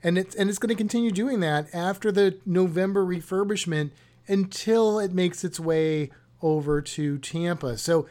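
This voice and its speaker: A man's voice: high voice, moderate pace, dark tone. A man co-hosting a podcast, talking in a chatty, rambling, joking way. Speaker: podcast co-host. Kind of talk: casual podcast chat.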